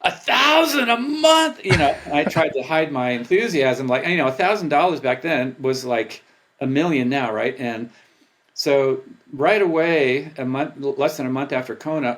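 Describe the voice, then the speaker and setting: Animated older man telling stories. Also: mid-range voice. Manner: animated, laughs often, acts out his own past thoughts. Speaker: interview guest, former pro triathlete. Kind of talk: casual storytelling.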